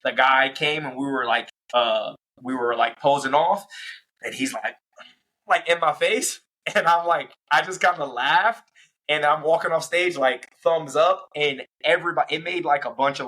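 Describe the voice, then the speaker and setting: A man's voice: mid-range voice, low-quality recording. A young man, a professional fighter, recounting his fights in a casual interview and acting out the moments as he goes. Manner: animated, acts out fight moments and quotes. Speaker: professional MMA fighter, guest.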